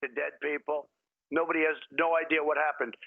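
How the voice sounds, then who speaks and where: A man's voice: on the high side, flat delivery, fairly quick, vocal fry, narrow, tinny audio. A man in a phone interview played from a broadcast, rambling and repetitive in a dismissive way. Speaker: interviewee, politician.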